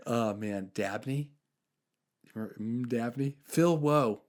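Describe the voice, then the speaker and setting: A young man hosting a podcast, telling faith stories in earnest, casual chat with many fillers and soft trailing endings. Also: medium pitch, measured pace. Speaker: podcast host.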